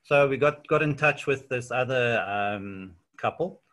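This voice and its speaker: South African man, interview guest, bright voice, relaxed filler-laden storytelling. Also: medium pitch, a little slow. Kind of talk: casual chat.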